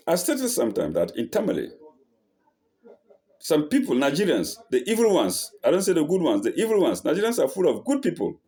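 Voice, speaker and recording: A Quran teacher leads a verse-by-verse lesson, reading each line aloud before a slow translation, with self-corrections and the occasional "eh?" His relaxed, dark-toned voice rises and drops across a wide pitch range.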